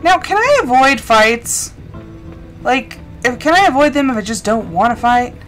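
A woman's voice: high-pitched, lively intonation, moderate pace. A young adult woman chatting casually and rambling while she live-streams a farming game, with lots of fillers. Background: game music.

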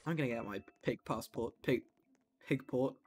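A man's voice: mid-range voice, normal speed, soft background music. A male streamer joking crudely and rambling while playing a game with a friend. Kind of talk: casual gaming banter with a friend.

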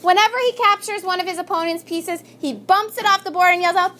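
A woman's voice: very high voice, animated, moderate pace, pushed and bright, a little hiss or hum. A woman teaching a vocabulary lesson in a classroom, upbeat and calling on students by name.

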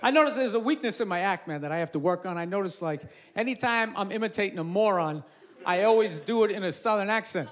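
A man's voice: sits high, animated, fast talker. A man performing stand-up comedy, ranting with heavy profanity and emphatic jabs at the crowd. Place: comedy stage before a live audience. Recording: reverberant live venue with crowd noise.

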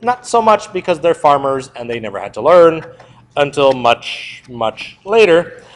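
A man's voice: a little high, unhurried, low-quality recording. A young adult male history teacher giving a classroom review lecture, quizzing the students and answering his own questions. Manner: lively, asks the class questions and answers them himself.

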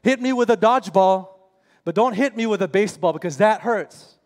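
A man's voice: high voice, fairly quick. A man in his forties preaching an impassioned, emphatic sermon in a church, often calling his listeners friends. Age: 40s. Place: church sanctuary. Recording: church hall reverb, faint music.

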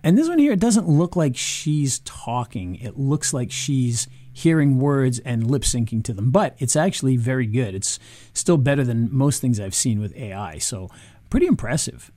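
A man casually reviewing software on screen, chatty, with frequent ums and restarts. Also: medium pitch, sing-song, normal speed, no echo. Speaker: video marketing reviewer.

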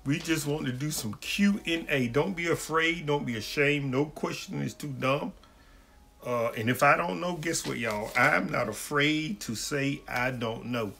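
A man's voice: on the high side, a little slow, vocal fry, sharp tone, slight background noise. A man, a pastor hosting a livestream question-and-answer session and greeting viewers by name in a folksy way. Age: adult, married.

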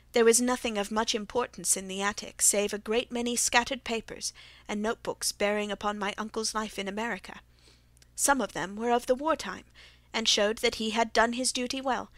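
A woman reads a classic story aloud as an audiobook, keeping a steady, measured first-person telling. Her voice sits fairly high. The recording is dry and close, with no room sound. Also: dry recording. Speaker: audiobook narrator.

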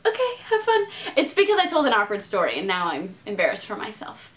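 A woman in her twenties telling a story to camera in a casual vlog, excitable and giggly, often laughing at herself. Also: mid-range voice, fast talker. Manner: excitable, giggly, self-mocking. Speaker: vlogger.

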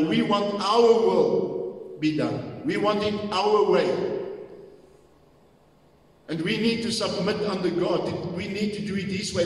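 A man preaching a sermon, reading scripture slowly and explaining it with many fillers. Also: high-pitched, a little hiss or hum. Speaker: pastor. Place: church hall. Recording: echoey church hall from far off.

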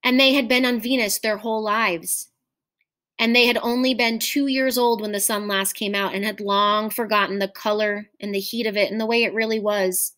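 A woman teacher reading a short story aloud in a measured, expressive storytelling manner. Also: mid-range voice.

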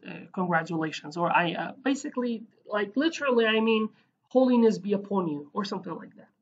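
A woman's voice: medium pitch, breathy edge, muffled recording. A woman teaching a casual online language lesson, chatty and digressive, with many fillers and self-corrections.

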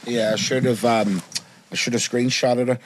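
A man's voice: medium pitch, fairly even intonation, normal speed, slightly rough. A man hosting a casual podcast chat, talking emphatically and often checking that his guest is following. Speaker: podcast host.

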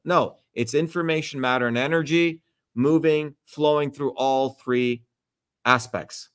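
A man's voice: fairly high pitch, a little slow, fairly bright tone. A man hosting a livestream Q&A, talking bluntly and emphatically, lecturing and swearing freely. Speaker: host. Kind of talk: livestream Q&A talk.

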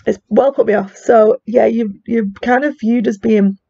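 A woman with a strong regional English accent talks through a lesson in a loose, chatty way, leaning on fillers as she goes. Her voice is deeply gravelly, mellow and husky. The recording is dull and dry, with no room sound. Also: fairly even intonation, moderate pace, no room sound. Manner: chatty, many fillers and asides. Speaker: psychology teacher. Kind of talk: classroom lecture.

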